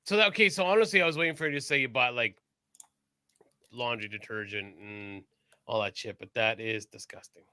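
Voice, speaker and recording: A man co-hosting a podcast in casual chat, animated, laughing often and swearing freely. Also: medium pitch, a little fast, smooth, no echo, studio quality. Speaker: podcast co-host.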